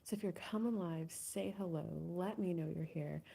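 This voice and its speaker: A woman hosting a live spiritual coaching stream in a casual, soft-spoken way, sometimes dropping to a whisper. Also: on the low side, normal speed, gravelly, husky. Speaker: host.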